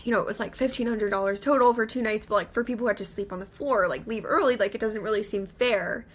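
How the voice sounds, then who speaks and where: A young woman co-hosting a podcast, chatting through a story in an animated way with many filler words. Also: mid-range voice, fast. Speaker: podcast co-host. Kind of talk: casual storytelling chat.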